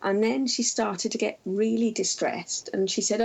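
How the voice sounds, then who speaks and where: A middle-aged woman, a researcher and former intensive care nurse, recounting case stories in an interview with gentle, measured storytelling and frequent fillers. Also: mid-range voice, vocal fry, husky, rough recording.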